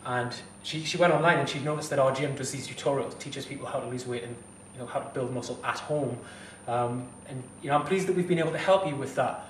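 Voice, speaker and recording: A man's voice: medium pitch, fast talker, hardly any pauses, fairly bright tone, reverberant, recorded from a distance, a little hiss or hum. A fitness instructor talking straight to camera, heated and blunt, swearing as he gives advice. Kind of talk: direct-to-camera advice vlog.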